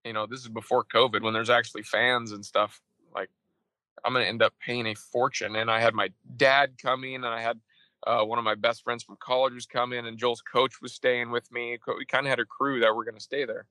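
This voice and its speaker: A man from Idaho, a golf caddie, recounts his travel troubles with an animated, chatty delivery. His voice is bright and forceful. The sound is close and dry, with no room around it. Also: medium pitch, fairly quick, no echo, rough recording. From Idaho, USA. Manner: animated storyteller acting out his own texts. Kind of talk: casual interview storytelling.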